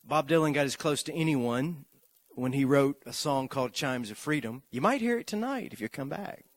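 A man preaching a sermon, moving from slow, measured lists to loud, rising repetition as he tells a story. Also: mid-range voice, animated, no room sound.

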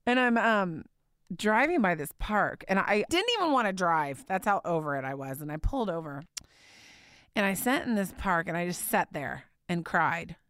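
A woman preacher telling a personal story in a sermon, candid and conversational, sometimes dropping to a hushed tone. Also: lowish voice, lively intonation, normal speed, no room sound, studio quality.

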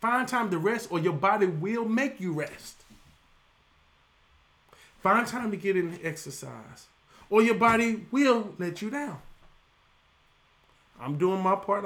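A middle-aged man, preaching a lively sermon as pastor, tossing questions back to the congregation. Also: high voice, measured pace, pauses often.

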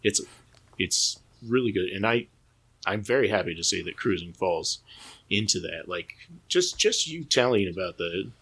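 A man's voice: deep voice, lively intonation, moderate pace, fairly bright tone, slightly rough. A man talking casually on a podcast, rambling and restarting his sentences, laughing often. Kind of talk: casual chat.

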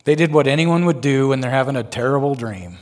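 A man's voice: medium pitch, fairly quick, a little mellow. An older man preaching a sermon as a guest speaker, earnest, with folksy personal asides and rising emphasis.

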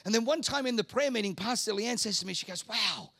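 A man's voice: high-pitched, quick pace, fairly bright tone, no echo. A man preaching a sermon with emphatic, repetitive phrasing, rhetorical questions and calls for the congregation to respond. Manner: calls the audience to respond aloud. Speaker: pastor.

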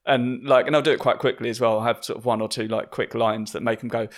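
A man's voice: medium pitch, fairly even intonation, fast. A man, a stand-up comedian hosting a podcast, talking in a chatty, self-deprecating way and laughing often. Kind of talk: casual podcast chat.

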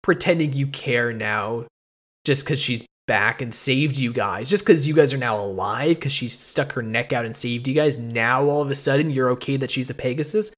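Male podcast host, animated and profane, mock-indignant rants, mid-range voice. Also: mid-range voice, normal speed. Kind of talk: casual podcast chat.

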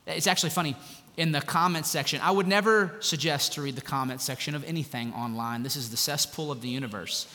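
Bright-voiced pastor in an echoey hall. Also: male voice, a little high, quick pace. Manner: animated and conversational, with jokes and asides. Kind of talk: sermon.

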